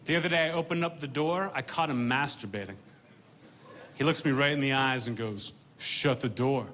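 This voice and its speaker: A man performing a stand-up comedy set onstage, with a deadpan delivery. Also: mid-range voice, fairly quick. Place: stage before a live audience.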